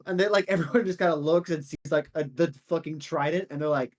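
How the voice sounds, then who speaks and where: A man's voice: on the high side, quick pace. A man narrating a tabletop game as game master, loose and chatty with many fillers.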